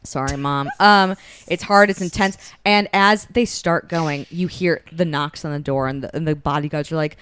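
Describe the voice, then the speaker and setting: A young woman with a low, smooth voice chats casually on a podcast while retelling a romance plot. She slips into the characters' lines as she goes, and the sound is dry and close to the mic. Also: moderate pace, fairly bright tone, no echo. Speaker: podcast co-host.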